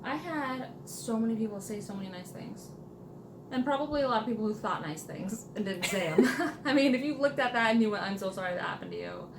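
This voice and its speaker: A woman's voice: fairly high pitch, brisk. Chatty woman in a roomy room. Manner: chatty, animated storyteller. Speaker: podcast co-host. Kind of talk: casual chat. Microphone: table mic, sits back from it. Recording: roomy with background noise.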